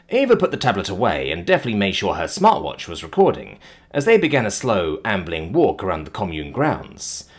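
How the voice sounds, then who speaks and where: A man's voice: deep voice, huge pitch swings, normal speed, slightly rough. A man narrating a science fiction story expressively as an audiobook reader.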